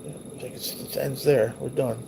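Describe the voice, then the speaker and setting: A male livestream host chats casually about old photos, rambling loosely and using profanity. His medium-pitched voice stays steady at normal speed with some vocal fry, and background noise is audible.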